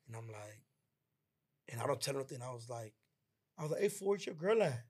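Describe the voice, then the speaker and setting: A man co-hosting a podcast, telling a story in a casual, slangy and heartfelt way, acting out his friends' lines in quick quoted bursts. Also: mid-range voice, very animated, darkish tone, breathy edge. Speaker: podcast co-host.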